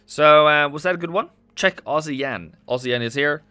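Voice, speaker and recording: A man's voice: a little high, moderate pace, bright, forceful tone, smooth, no echo. A man hosting a live trading stream, casually thinking aloud over charts and reading chat messages. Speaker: forex trading livestream host. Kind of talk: casual live market commentary. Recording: dry close sound with faint music. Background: faint background music.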